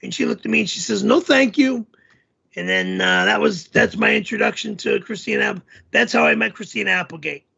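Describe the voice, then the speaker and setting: A man telling a story on a livestream in a hoarse voice, rambling and hesitant with many fillers. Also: high voice, fairly even intonation, quick pace, few pauses, sharp tone, muffled recording. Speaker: show host.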